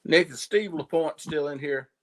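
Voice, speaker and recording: A man's voice: fairly high pitch, moderate pace. A middle-aged man from South Georgia with a Southern accent, chatting in a folksy, easygoing way as a livestream guest. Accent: Southern American. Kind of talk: casual livestream chat.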